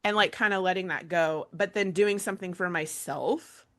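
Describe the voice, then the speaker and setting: A woman coach leading a panel conversation, telling a personal story in a lively way with lots of fillers. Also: fairly low pitch, moderate pace. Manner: animated storytelling with many fillers and laughs. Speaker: burnout prevention coach, panel moderator. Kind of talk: casual panel chat.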